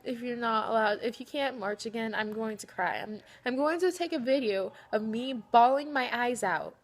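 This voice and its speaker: Dramatic, animated female vlogger with a high voice. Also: moderate pace. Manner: animated and dramatic, swinging between pleading and teasing. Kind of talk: casual direct-to-camera vlog addressed to friends.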